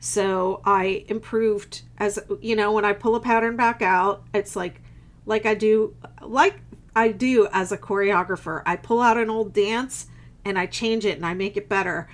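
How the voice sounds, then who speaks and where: A woman's voice: mid-range voice, steady tone, measured pace. A woman hosting a casual live-stream craft chat from home, rambling and chatty with lots of fillers. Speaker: crochet designer and channel host.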